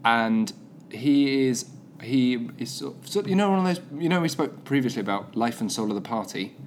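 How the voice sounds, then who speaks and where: A man holds forth as a podcast co-host, drifting from one joke to the next as his story unfolds. His pitch sits in an ordinary middle register, and a faint hiss lies under the recording. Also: animated, moderate pace. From England. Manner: playful, rambling storyteller who jokes through tangents. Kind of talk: casual chat.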